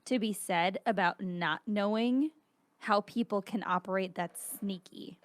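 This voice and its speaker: A woman's voice: medium pitch, measured pace, no room sound. A woman hosting a podcast, chatting bluntly and laughing often. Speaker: podcast host. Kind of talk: casual chat.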